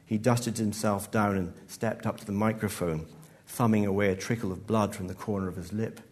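Man reading his story aloud, measured. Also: fairly low pitch, fairly even intonation, a little mellow. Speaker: author. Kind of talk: live reading of a short story. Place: live event venue.

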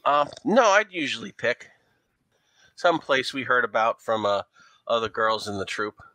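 A man with a New York accent voicing a worried young woman from a dance troupe, answering haltingly with many fillers. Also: mid-range voice, sing-song, bright, forceful tone, no echo. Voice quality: broad, leaned-in street accent.

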